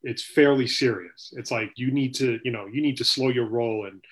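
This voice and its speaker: A man's voice: medium pitch, normal speed. A man hosting a casual sports podcast, rambling and swearing, with a lot of "you know" filler. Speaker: podcast host.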